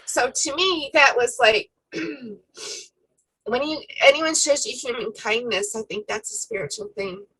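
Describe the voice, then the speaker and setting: Woman co-host telling a story, lively and chatty, a bit higher voice. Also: a little slow, gravelly, rough recording. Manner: animated storyteller, many fillers. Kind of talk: casual faith discussion chat.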